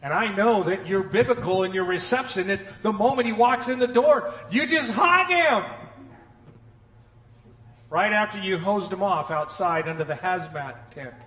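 A man preaching a sermon with folksy humor, swinging from loud emphasis to hushed, dropped phrases. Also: high-pitched, moderate pace, few pauses. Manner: dramatic swings from loud emphasis to near-whispered drops. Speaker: pastor. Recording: echoey church hall.

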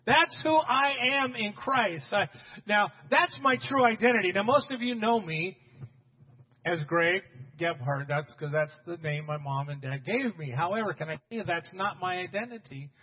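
Husky-voiced man preaching a lively sermon. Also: high-pitched, normal speed, long reverb tail, dull audio. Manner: emphatic, rising to loud bursts, addressing the congregation directly. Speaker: pastor.

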